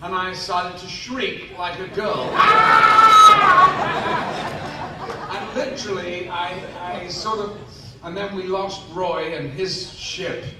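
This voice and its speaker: An actor answering fan questions on stage in a large convention hall tells a self-mocking story, acting out the voices of the people in it. His high voice is fairly even and measured, caught from a distance in an echoey hall over a very noisy crowd.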